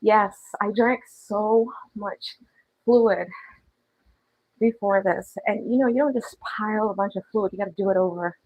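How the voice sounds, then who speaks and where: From a walking treadmill at home, a woman who vlogs about fitness chats on a livestream, answering the live chat while slightly short of breath. Her mid-range voice is a little slow and a little mellow, and the recording is rough.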